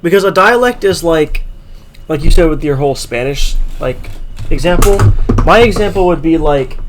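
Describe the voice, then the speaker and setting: A man's voice: a little high, expressive, normal speed, noisy background. A man from Florida co-hosting a casual comedy podcast, chatty and full of fillers as he explains. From Florida, United States. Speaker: podcast co-host.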